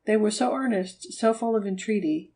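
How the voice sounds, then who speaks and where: A woman narrating a children's storybook in an even, measured reading. Her voice sits at a middle pitch for a woman. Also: vocal fry, poor audio. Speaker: audiobook reader. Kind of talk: scripted narration.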